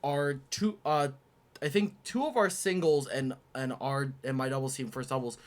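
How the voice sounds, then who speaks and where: A young man co-hosting a podcast, chatting casually and telling lively stories, acting out shouted quotes. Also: mid-range voice, normal speed. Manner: animated storyteller, acts out quotes loudly. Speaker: podcast co-host. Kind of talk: casual chat.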